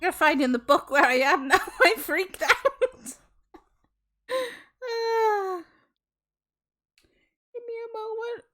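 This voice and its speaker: A woman's voice: very high-pitched, takes it slowly, pauses often, bright, forceful tone. A young woman streaming live, casually chatting and effusively thanking her viewers, often exclaiming in shock.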